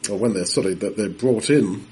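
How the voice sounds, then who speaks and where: A man with a lowish, darkish voice preaches a sermon in a conversational Bible-teaching style. He asks rhetorical questions and pauses to clear his throat.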